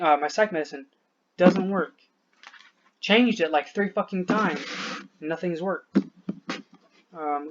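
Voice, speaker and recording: A man's voice: on the high side, muffled recording. A man venting to the camera, short of breath, frustrated and rambling, swearing often and trailing off mid-sentence.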